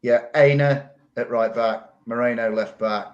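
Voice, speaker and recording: A middle-aged man, chatting on a football podcast. His pitch sits mid-range for a man, and he tells long stories and restarts his words as he goes. The talk is loose and conversational. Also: fairly even intonation, unhurried, lo-fi sound. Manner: long-winded storytelling, repeats words. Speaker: pundit. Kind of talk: casual football podcast chat.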